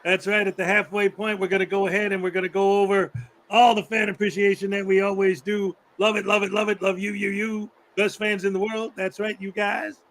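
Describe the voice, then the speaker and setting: A man's voice: high-pitched, little pitch movement, a little fast, fairly bright tone, a little hiss or hum, poor audio. A man hosting a casual chat show, rambling through anecdotes, laughing often and acting out the people in his stories. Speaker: host.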